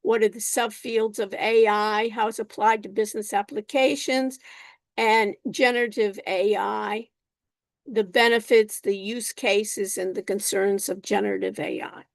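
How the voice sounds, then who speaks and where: Slow-paced woman teaching an online class. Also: mid-range voice, fairly even intonation, creaky, no room sound. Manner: unhurried, repeats words, addresses students by name. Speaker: college instructor.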